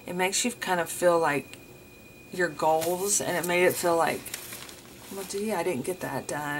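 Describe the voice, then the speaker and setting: Chatty woman rambling over noisy room. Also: fairly low pitch. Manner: rambling, chatty, addresses viewers as you guys. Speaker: journaling vlogger. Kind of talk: casual chatty crafting tutorial.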